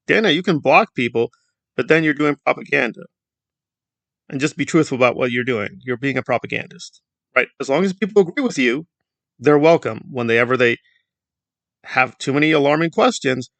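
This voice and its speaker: A man's voice: fairly high pitch, expressive, normal speed, gravelly, a bit bright, dry recording. A man giving sarcastic, lecturing commentary on his YouTube channel. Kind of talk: opinion commentary vlog.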